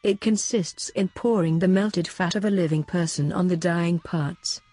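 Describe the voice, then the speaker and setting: Shrewd confessor priest, measured, husky, read by a woman. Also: on the low side, warm tone, dry recording, natural voice.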